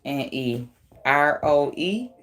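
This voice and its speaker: Low slow-talking lady doing a tarot reading, cusses a lot, laughs a lot. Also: animated, a bit bright, a little hiss or hum. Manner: blunt, profane and laughing often. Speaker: tarot reader.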